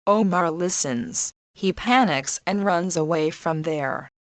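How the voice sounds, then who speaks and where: A woman narrating a scripted story in an even, measured reading. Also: lowish voice, no room sound.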